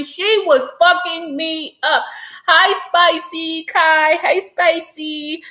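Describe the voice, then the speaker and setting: A woman's voice: very high voice, steady tone, slow, bright, forceful tone. A woman vlogger, chatting animatedly and profanely while gossiping and reading comments on a livestream.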